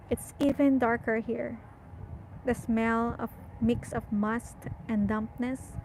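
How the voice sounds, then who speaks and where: A woman narrates a novel in a calm, measured way. Her voice sits a touch higher than most, and she colors the tense moments with soft expression. The recording is clean and close. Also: a little hiss or hum, poor audio. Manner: measured, softly expressive storytelling. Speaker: audiobook reader. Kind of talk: reading a novel aloud.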